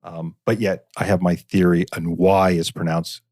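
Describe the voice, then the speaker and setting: A man's voice: deep voice, level tone, normal speed, a little mellow, no echo, clean studio sound. A man from northeastern Pennsylvania, a guest on a podcast, telling local history in a chatty storytelling way with many fillers. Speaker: guest, preservation society director. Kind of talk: casual podcast interview.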